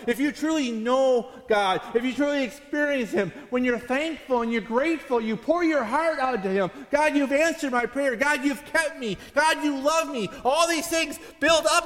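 A high-pitched man preaching in a casual, storytelling way, acting out the voices in his stories. His voice rings with the long reverb of a large hall. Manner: conversational storytelling preacher, acts out quotes. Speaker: pastor. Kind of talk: sermon.

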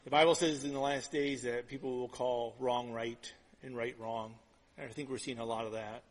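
A middle-aged pastor preaching a sermon, telling stories in an animated, conversational way with quick repeated restarts. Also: male voice, mid-range voice. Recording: long hall reverb.

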